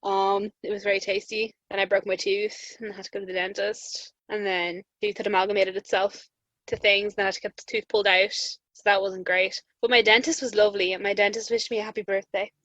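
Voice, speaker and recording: A young Irish woman co-hosts a podcast, chatting casually and telling stories, laughing often and acting out quotes. Her medium-pitched voice is flat in delivery, brisk, and fairly bright, captured dry on muffled podcast audio.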